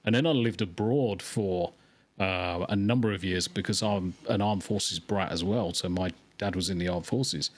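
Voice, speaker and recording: A man's voice: sits low, normal speed. English man, chatty podcast guest. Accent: mixed English. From England. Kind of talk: casual podcast chat.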